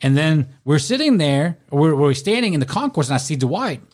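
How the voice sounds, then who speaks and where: A man's voice: a little high, very animated, normal speed. A man, casually telling profane, laughing stories about working as a club bouncer. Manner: profane, laughing anecdotes with acted quotes. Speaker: podcast guest, former bouncer. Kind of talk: casual storytelling.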